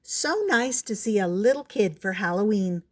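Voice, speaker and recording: A woman's voice: medium pitch, animated, moderate pace, darkish tone, natural voice. A woman reading aloud, voicing a friendly lady greeting a trick-or-treater. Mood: cheery.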